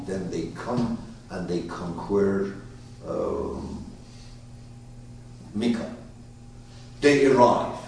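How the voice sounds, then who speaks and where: A man tells an old story to a gathered group, slowly and with lots of pauses, his pitch leaping up and down as he quizzes his listeners. His voice comes from some way off the mic and rings around a very echoey room. A faint background hum sits under it. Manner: animated storyteller, questions the listeners. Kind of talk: storytelling talk to a live group. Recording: roomy hall, voice from far off.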